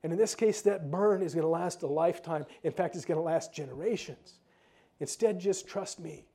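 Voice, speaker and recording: A man's voice: fairly high pitch, a little fast, warm tone, breathy edge. A male pastor preaching a conversational sermon, with casual asides and repeated words.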